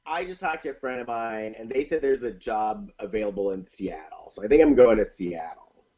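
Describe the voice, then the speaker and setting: A man's voice: lowish voice, moderate pace, husky, highs cut off. A man casually recapping a movie's plot in a podcast chat, with lots of fillers and restarts. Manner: animated retelling of a plot, with many fillers and restarts.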